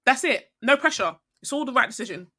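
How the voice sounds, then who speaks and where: A woman's voice: a little high, lively intonation, fast, pushed and bright. A young woman who is a podcast guest, talking reflectively and rambling, often checking in with the listener. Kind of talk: reflective casual conversation.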